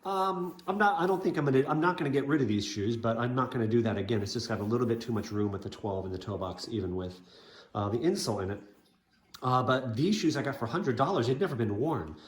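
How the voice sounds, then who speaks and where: A man's voice: mid-range voice, quick pace, roomy sound. A man chatting casually about his shoe collection, rambling with lots of fillers and asides. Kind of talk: casual show-and-tell vlog.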